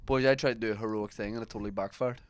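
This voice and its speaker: A man's voice: fairly low pitch, fairly even intonation, rapid-fire, no echo. A young man co-hosting a podcast, telling a long self-mocking anecdote in casual chat. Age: young adult. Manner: rambling anecdotes, self-mocking, laughs at himself. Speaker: podcast co-host.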